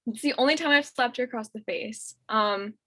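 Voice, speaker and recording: A woman in her twenties, a podcast guest, telling a childhood story in a casual, animated way and laughing often. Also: on the high side, normal speed, poor audio.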